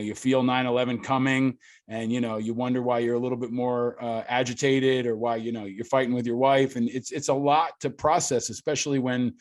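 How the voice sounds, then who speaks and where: A man's voice: mid-range voice, a little mellow. Earnest male podcast host. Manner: earnest, admiring, rambling questions. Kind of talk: interview questions.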